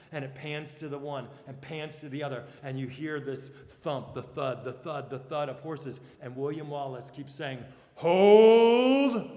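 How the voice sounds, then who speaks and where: A man delivering a sermon in a slightly high voice, taking his time over every phrase. He swings from quiet, low asides to loud, ringing shouts for emphasis. The sound is roomy, with a long reverb trailing each line. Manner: dramatic shifts from hushed to shouted for emphasis. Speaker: pastor. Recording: echoey hall with long reverb.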